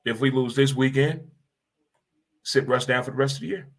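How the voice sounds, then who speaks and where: Host type: man, mid-range voice, punchy and animated delivery, repeats himself for emphasis. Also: medium pitch, moderate pace. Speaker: show host. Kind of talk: casual sports talk.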